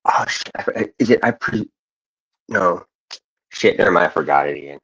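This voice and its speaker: An American man chatting casually on a stream, talking haltingly and keeps losing his train of thought. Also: deep voice, expressive, a bit bright, breathy edge, dry recording. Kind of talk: casual chat. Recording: dull, dry lo-fi mic.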